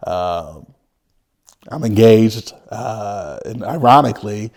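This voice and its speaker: A man telling his own life story as an interview guest, earnest and halting, often restarting his sentences. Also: lowish voice, a little mellow. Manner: vivid retelling.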